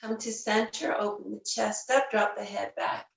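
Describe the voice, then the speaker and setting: A woman teaching a yoga class, giving gentle, unhurried cues with the odd filler. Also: medium pitch, steady tone, gravelly, recorded from a distance. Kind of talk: guided yoga class instruction. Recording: roomy, voice a bit off the mic.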